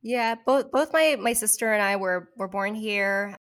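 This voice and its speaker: Young Californian woman, thoughtful and halting, casual talk. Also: medium pitch, a bit bright. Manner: thoughtful, halting, with many restarts. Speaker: actor, co-host. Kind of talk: casual conversation.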